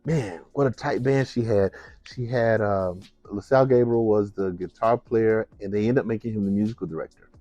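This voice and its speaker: A man with a low voice tells a personal story with lots of energy, acting out the people in it and laughing along the way. The sound is dry and close to the mic. Faint music plays underneath. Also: moderate pace, hardly any pauses, no echo, highs cut off. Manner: animated, acts out voices, laughs while telling.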